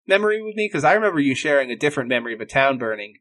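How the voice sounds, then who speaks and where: A man's voice: medium pitch, sing-song, very fast, fairly bright tone. A man playing a tabletop game with a joking, playful manner. His voice sits in a middle range for a man. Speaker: player. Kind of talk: casual tabletop game play.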